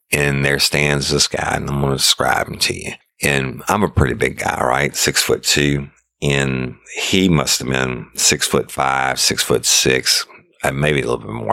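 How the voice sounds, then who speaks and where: A man's voice: rumbling low, creaky, sharp tone, no echo, clean studio sound. A middle-aged man, a former deputy hosting a podcast, telling true-crime stories in a casual, vivid way and acting out radio calls.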